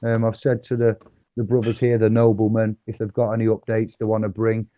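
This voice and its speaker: A man's voice: on the low side, monotone, fairly quick, mellow, no room sound. A man hosting a casual online chat show, rambling and chuckling with many fillers. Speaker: host.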